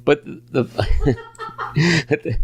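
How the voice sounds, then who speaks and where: A man's voice: extremely slow, darkish tone. A man talking as an author guest in a casual interview, rambling, restarting his sentences and insisting on his points.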